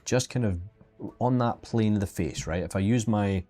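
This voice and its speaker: Deep, husky-voiced man teaching sculpting. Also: moderate pace, mellow. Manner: chatty, joking, restarts his sentences. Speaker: 3D sculpting instructor. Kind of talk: casual live-stream tutorial. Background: faint background music.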